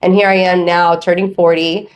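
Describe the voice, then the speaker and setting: A woman around forty, a podcast guest telling her own story in casual chat, animated and acting out what others said. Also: lowish voice, moderate pace. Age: 30s. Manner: animated storytelling with quoted voices.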